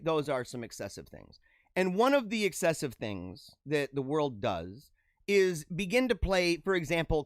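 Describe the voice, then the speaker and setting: A man's voice: high voice, no room sound, clean studio sound. A middle-aged man hosting a show, giving rambling, joking commentary on the news and laughing often. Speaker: show host.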